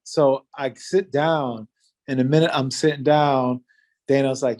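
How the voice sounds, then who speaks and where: Man, 40s, interview guest; relaxed storyteller, mid-pitched, loose and filler-heavy. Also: normal speed. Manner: laid-back, animated retelling with many fillers. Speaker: interview guest, former fighter. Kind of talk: casual storytelling.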